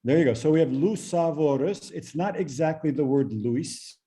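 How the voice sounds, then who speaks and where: Dark-voiced man teaching a language class. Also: on the high side. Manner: patient, explains slowly with many fillers.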